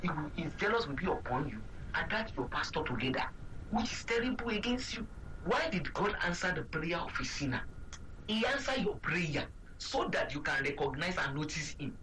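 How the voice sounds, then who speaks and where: A Nigerian-accented man preaches a sermon with a sharp, ringing tone. He drives his points home through repetition and rhetorical questions. He sounds set back from the mic, over a faint hum of background noise. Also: fairly high pitch, sing-song, moderate pace, distant mic, low-quality recording. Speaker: pastor.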